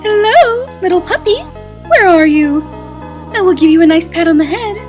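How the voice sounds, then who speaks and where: A woman voicing a gentle, motherly goat-monster woman who speaks formally and politely while reading game dialogue aloud. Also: extremely high pitch, animated, normal speed, faint music behind, pitched above the performer's own voice. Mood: calling sweetly. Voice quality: formal, soft-spoken, old-fashioned phrasing.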